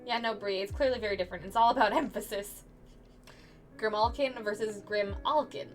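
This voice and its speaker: A young American woman streams as a digital artist, chatting casually with her viewers. Her voice is medium-pitched, she's playful and laughs easily, and she often restarts sentences while faint music plays behind her.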